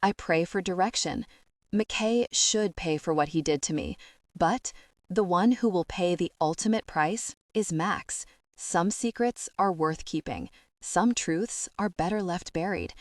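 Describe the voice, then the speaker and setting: A woman's voice: on the low side, measured pace, dry recording, clean studio sound. A woman narrating a first-person romance audiobook with emotional intensity.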